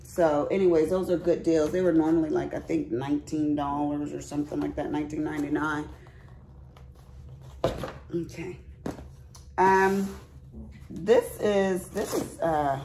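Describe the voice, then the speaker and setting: A woman's voice: deep voice, measured pace, pauses often, background noise. A middle-aged woman, chatting casually to viewers in a craft haul vlog at home, folksy and chatty. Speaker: crafting vlogger. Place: at home, bedroom.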